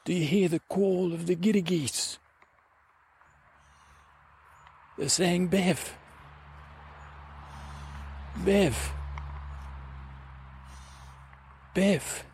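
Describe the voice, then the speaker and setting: A man voicing a dreamy, whimsical woodland adventurer with a slow, drawn-out, sing-song delivery, recorded outdoors on a handheld recorder. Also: sits high, darkish tone, voice pushed up. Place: outdoors on a wooded trail. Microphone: handheld recorder with fuzzy windscreen. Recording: faint outdoor traffic ambience.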